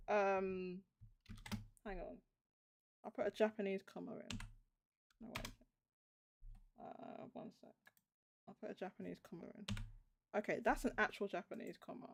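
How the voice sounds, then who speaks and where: Gravelly woman thinking aloud on stream. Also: mid-range voice, steady tone, slight background noise. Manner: thinking aloud with halting restarts. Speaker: show host. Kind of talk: casual livestream chat.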